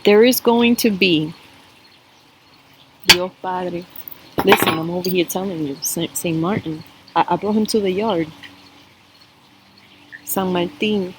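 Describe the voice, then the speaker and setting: A woman's voice: lowish voice, normal speed, background noise. A woman giving a spiritual cup reading to camera, earnest and emotional, talking straight to her viewers. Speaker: tarot and coffee-cup reader.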